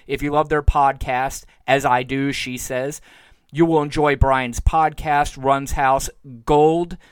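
This solo political podcast comes from a Florida man recording at home, his sarcasm building as he winds himself up. The home mic gives a dry sound, and his voice is smooth and a little high.

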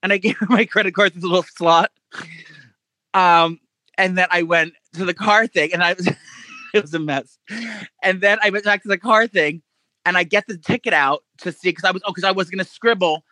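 A man co-hosting a podcast in casual chat, an animated storyteller who swears a lot and acts out quotes in a high voice. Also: moderate pace, no room sound. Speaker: podcast co-host.

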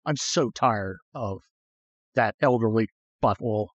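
This man's voice is lowish and his pace measured as he hosts a casual political podcast. He's blunt and sarcastic, swears occasionally, and mimics people mockingly; the audio is dry and muffled.

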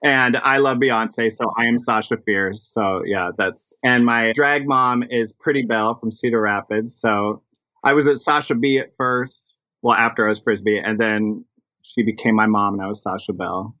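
A man who performs in drag, telling stories in a casual interview, animated and full of fillers. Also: on the low side, moderate pace, no echo. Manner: animated storytelling, chatty with fillers.

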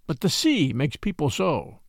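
Grave ship's doctor, read by a man: quiet, earnest, dry close sound. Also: fairly high pitch, wildly swooping pitch, a little slow, dry recording, exaggerated voice. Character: grave, matter-of-fact male ship's doctor.

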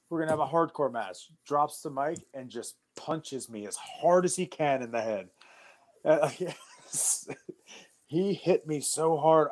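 A young adult man, a wrestler and guest on an interview show, telling stories in a loose, animated way with lots of fillers. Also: fairly high pitch. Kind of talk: casual storytelling.

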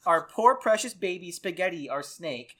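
Lively, lower-voiced woman co-host. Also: moderate pace. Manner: joking, animated interjections. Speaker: podcast co-host. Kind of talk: casual chat.

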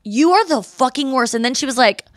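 A woman hosting a podcast, chatting casually and telling lively stories, mimicking other people's voices in quotes. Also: high-pitched, a little fast, dry recording, studio quality. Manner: animated storyteller who mimics voices in quotes. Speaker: podcast host. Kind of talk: casual chat.

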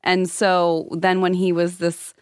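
A woman in a casual book discussion, speaking in a reflective, measured way. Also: fairly low pitch, completely flat delivery, smooth, no echo, studio quality.

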